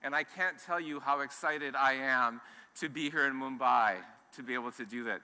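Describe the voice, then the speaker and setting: A man's voice: medium pitch, moderate pace, sharp tone, clear, resonant tone. A middle-aged man from Hawaii giving an enthusiastic keynote talk on a conference stage, with some restarts. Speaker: conference speaker. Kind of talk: keynote talk to a live audience. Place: large conference hall. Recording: long hall reverb.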